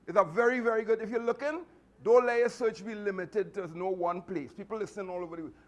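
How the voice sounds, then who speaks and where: A man's voice: high voice, quick pace. Chatty Trinidadian man telling stories. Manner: animated, chatty, laughing asides. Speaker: martial arts instructor. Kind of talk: storytelling speech to a class.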